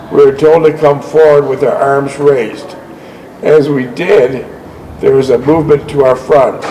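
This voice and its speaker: Reading a veteran's war memoir on his show, this host halts often, trips over words and corrects himself, dropping in brief asides. He has a medium-pitched, dark-toned voice, recorded poorly with slight hiss or hum.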